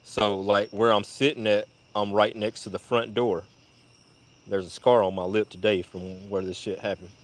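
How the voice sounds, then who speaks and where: A man casually telling a long personal story, full of swearing, who jumps to a much higher voice when quoting people. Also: moderate pace. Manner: profane, animated retelling with high-pitched voices for quoted people. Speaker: storyteller on a live audio chat.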